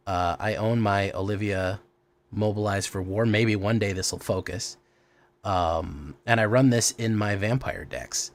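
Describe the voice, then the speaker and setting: A man's voice: lowish voice, measured pace. A man hosting a live stream, chatting loosely with his viewers, greeting them by name and muttering at his camera as he goes. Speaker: streamer host.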